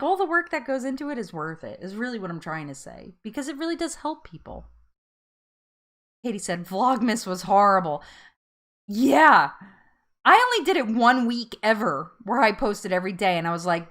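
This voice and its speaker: A woman's voice: medium pitch, sing-song, normal speed, fairly bright tone. A woman hosting a casual live-stream chat with viewers, chatty and rambling, often laughing at herself.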